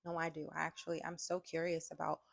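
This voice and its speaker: A woman's voice: low voice, completely flat delivery, brisk, vocal fry, no room sound. A woman giving frank, exasperated casual commentary in a vlog, with many filler words. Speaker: online commentator.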